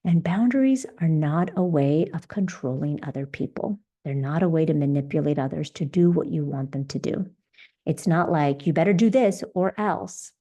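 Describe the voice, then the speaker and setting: Woman, middle-aged, podcast host, coach, low-pitched, mellow, earnest, encouraging. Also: normal speed. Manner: earnest, encouraging, uses everyday examples. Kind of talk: solo podcast monologue.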